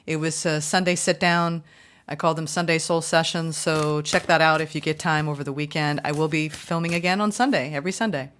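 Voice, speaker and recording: Low-voiced upbeat woman tarot reader. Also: a little fast. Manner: chatty, upbeat, gushing with excitement. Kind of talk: tarot reading for viewers.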